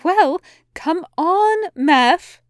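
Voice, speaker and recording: A woman voicing a cheerful, forthright female angel who speaks brightly and briskly. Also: high-pitched, animated, no echo, studio quality, pitched above the performer's own voice.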